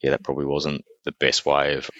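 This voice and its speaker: Very deep man, hesitant. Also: fairly quick, no echo. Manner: relaxed, hesitant, many fillers. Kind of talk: casual podcast chat. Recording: dull, dry muffled mic.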